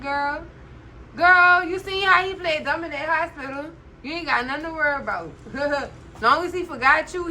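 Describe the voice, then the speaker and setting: High, bright-voiced woman recapping TV. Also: a little hiss or hum, low-quality recording. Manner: chatty, animated, constantly says "girl"; laughs often while talking. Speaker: TV recap host. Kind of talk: casual TV recap commentary.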